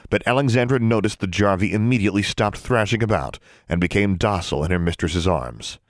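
A man narrating an audiobook in an expressive storytelling manner. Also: on the low side, a little fast, no echo, clean studio sound.

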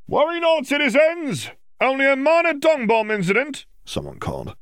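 A man narrating a story in a steady, even reading voice. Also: sits low, no echo, clean studio sound. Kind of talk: audiobook fiction reading.

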